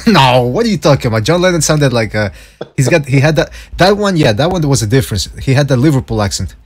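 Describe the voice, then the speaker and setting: Husky-voiced American podcast host. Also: male voice, mid-range voice, very animated, a little fast. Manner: swears freely, laughs often. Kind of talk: casual boxing podcast chat.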